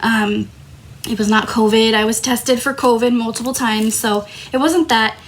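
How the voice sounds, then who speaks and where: With a slightly high voice, a moderate pace and a little background noise, a woman from Tucson, Arizona, chats through her live crafting stream. A persistent throat tickle keeps making her cough, and she apologizes for it.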